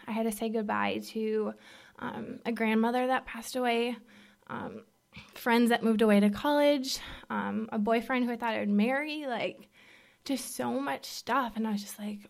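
A young woman with a fairly high voice shares a personal testimony before a faith group. She speaks candidly and haltingly, with many fillers. At moments she drops almost to a whisper. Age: young adult. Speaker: speaker giving a faith talk.

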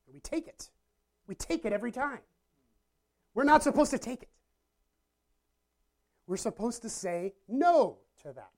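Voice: medium pitch, big pitch swings, moderate pace, pauses often, darkish tone. Chatty preacher talking to a live audience. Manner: chatty, self-deprecating, asks the audience questions. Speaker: pastor. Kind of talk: casual conversational sermon. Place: church or meeting room with a live audience.

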